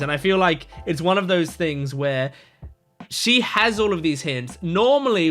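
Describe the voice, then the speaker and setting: A man's voice: a little high, fairly bright tone. A man hosting a casual reaction video, rambling and thinking aloud with lots of fillers and restarts. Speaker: reaction channel host.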